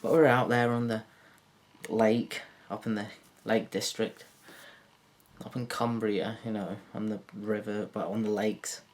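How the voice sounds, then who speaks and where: A man doing a rambling, crude, self-mocking stand-up monologue to camera, jumping into silly high put-on voices. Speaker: comedian.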